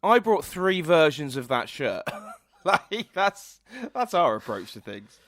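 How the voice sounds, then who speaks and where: A man's voice: fairly high pitch, sing-song, normal speed, a bit bright, dry recording, studio quality. A man co-hosting a podcast, chatting casually in a wry, teasing way. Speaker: podcast co-host. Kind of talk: casual chat.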